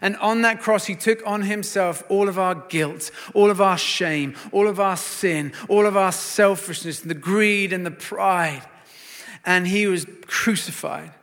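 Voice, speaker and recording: A man preaching a sermon and telling a story, swinging from hushed to loud. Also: sits high, measured pace, big-room sound.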